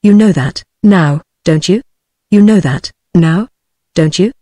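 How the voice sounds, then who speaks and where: A computer-generated woman's voice with a British English accent reading the lines of a soft, insistent young farmhand in an audiobook. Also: fairly low pitch, slow, no room sound, clean studio sound. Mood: softly insistent. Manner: softly insistent, repeating himself.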